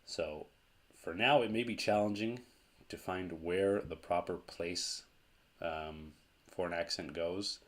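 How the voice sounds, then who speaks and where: A man's voice: deep voice, slow pace. A man teaching a language lesson in a patient, explanatory way, repeating key points for emphasis.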